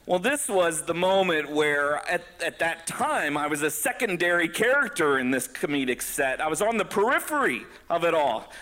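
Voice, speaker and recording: Guy doing stand-up, high bright voice, bouncing all over the place. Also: normal speed, few pauses. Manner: animated, laughing between lines. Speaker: comedian. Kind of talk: stand-up storytelling.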